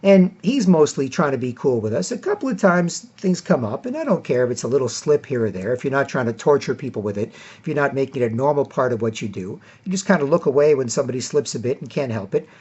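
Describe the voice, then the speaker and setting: A male vlogger with a mid-range, husky, darkish voice talks fast with lively intonation, rambling through a long casual story and tagging lines with "right?" and "whatever". He acts out other people in a raised, mocking voice, and the lo-fi recording sounds dull.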